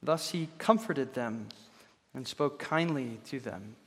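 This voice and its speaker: A man preaching a sermon as pastor, measured and steady, posing rhetorical questions to his congregation. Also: mid-range voice. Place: church sanctuary. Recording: long reverb of a large hall.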